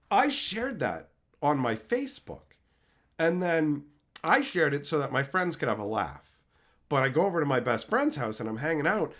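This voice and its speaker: A man streaming, telling stories in a brash, snarky, profane way, from Canada. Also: fairly high pitch. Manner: profane, animated storytelling. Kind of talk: casual stream chat.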